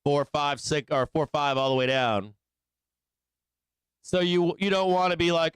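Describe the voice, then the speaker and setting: Here a man runs a live trading stream, going over charts loosely and slangily while peppering in tag questions. At a moderate pace, his slightly high, fairly bright voice comes across very smooth and resonant. Sound is close and dry, no room echo.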